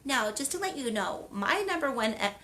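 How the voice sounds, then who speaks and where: Woman from out west chatting on her wellness vlog, bright voice, lots of um's. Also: sits high, very animated, moderate pace, soft background music. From western United States. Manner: chatty and rambling, with many fillers. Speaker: host of a wellness and affirmation video series. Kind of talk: casual chat.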